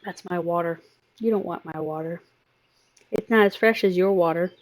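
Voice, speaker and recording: A woman's voice: fairly low pitch, normal speed. A woman live streamer playing a game and chatting in doting baby talk to her cat. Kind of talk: casual chat while gaming.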